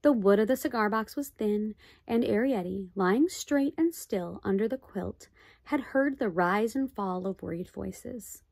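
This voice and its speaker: A woman reading a children's storybook aloud in a gentle, expressive way. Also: mid-range voice, unhurried, gravelly, no room sound.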